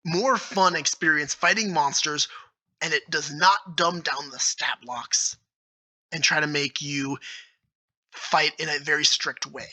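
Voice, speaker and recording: A man with a very bright, fairly high voice talks through his homebrew tabletop rules. He is eager and thinks out loud, with fillers and restarts as he goes. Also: unhurried, low-quality recording. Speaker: YouTube creator. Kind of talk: solo commentary on game rules.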